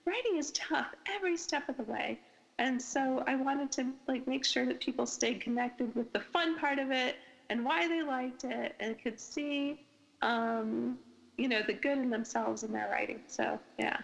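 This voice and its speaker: Chatty woman with a gravelly voice. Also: high voice, normal speed, low-quality recording. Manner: chatty, enthusiastic, many fillers and restarts. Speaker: author and writing blogger, interview guest. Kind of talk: casual interview chat. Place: podcast recording.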